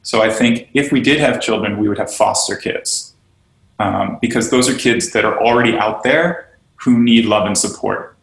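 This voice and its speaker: A man's voice: fairly low pitch, normal speed, gravelly. A man being interviewed on a podcast, talking earnestly and animatedly about teaching and belonging, often acting out the voices of the people he quotes. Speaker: guest, yoga studio owner and teacher trainer. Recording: roomy echo.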